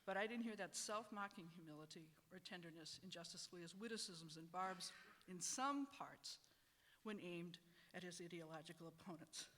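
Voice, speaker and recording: A middle-aged law professor from Wisconsin giving prepared panel remarks in a wry, measured, reflective way. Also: mid-range voice, sharp tone, long reverb tail, slight background noise.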